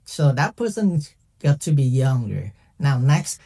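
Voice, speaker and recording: Very dark-voiced man teaching casually. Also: medium pitch, expressive, measured pace, slightly rough. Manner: chatty, checks in with listeners with frequent "okay?"; playful, laughs at own jokes. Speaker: language teacher. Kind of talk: casual video lesson.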